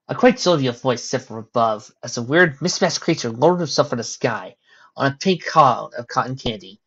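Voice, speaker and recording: A reader narrating a fan story in a plain middle-pitched voice, dropping casual asides between passages. The recording is muffled and lo-fi. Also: expressive, normal speed, a bit bright, husky. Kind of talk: reading a fan story aloud. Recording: dull lo-fi recording.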